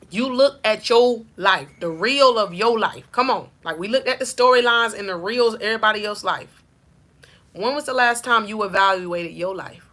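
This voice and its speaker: A Southern woman preaching encouragement as a life coach, her voice sitting high and ringing bright. She builds her points through rhythmic repetition and keeps calling out to her listeners. The tone is fervent, church-style exhortation. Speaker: faith-based life coach. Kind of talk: preaching-style motivational talk.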